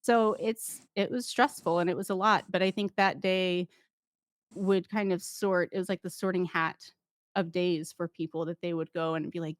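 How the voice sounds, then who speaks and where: Animated woman guest telling stories, dry sound. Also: lowish voice, normal speed, no room sound. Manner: animated storyteller who acts out voices and laughs often. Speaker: guest, former paramedic. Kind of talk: casual interview chat.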